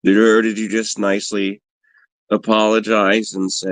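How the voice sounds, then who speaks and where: Low-voiced man rambling on a livestream. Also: fairly even intonation, slow pace, gravelly, no echo. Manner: rambling, profane, self-deprecating storytelling. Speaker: livestream host. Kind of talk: casual livestream chat answering viewers.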